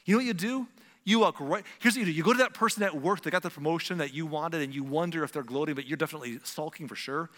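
A middle-aged male pastor preaches in a casual, chatty way, slipping into little acted-out scenes. His voice is bright and a touch high, and it rings with the long reverb of a big hall. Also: rapid-fire. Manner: conversational, acts out little scenes with shifting voices. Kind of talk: sermon.

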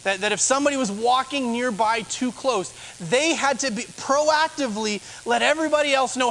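A man's voice: very high voice, normal speed, few pauses, fairly bright tone, a little hiss or hum, poor audio. A man, a pastor, preaching a sermon in a conversational way, asking rhetorical questions.

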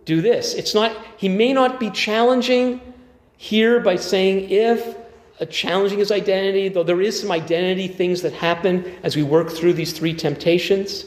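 A man's voice: high voice, measured pace. A man preaching a sermon as pastor, conversational, thinking aloud with dry asides. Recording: echoey church hall reverb.

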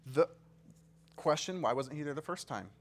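A man's voice: fairly high pitch, expressive, moderate pace. A man leading a Bible study, reading scripture and breaking off for casual, joking asides and questions to the group. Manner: chatty, joking asides, frequent "like"; checks in with the group.

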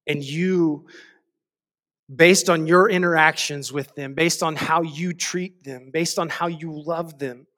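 A man preaching a sermon, slow and deliberate, repeating phrases for emphasis. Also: on the high side, steady tone, fairly bright tone.

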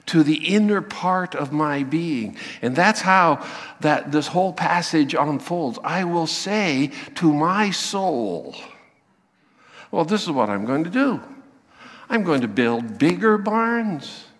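A man preaching a sermon, acting out the voices he quotes with lively emphasis. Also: fairly high pitch, takes it slowly, in a large hall. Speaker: pastor.

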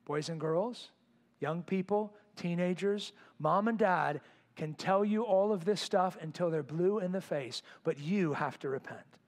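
A male pastor preaching in a church sanctuary, his voice pitched high for a man. He swings from loud, emphatic bursts to hushed, intense lines as he drives each point home. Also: measured pace. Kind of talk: sermon.

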